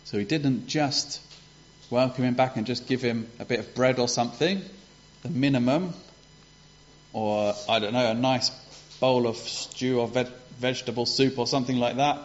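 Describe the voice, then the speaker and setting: Giving a children's talk, a preacher retells a parable to the congregation in a conversational way, peppered with rhetorical questions. His medium-pitched voice holds a steady tone at a moderate pace, heard on a dull lo-fi recording.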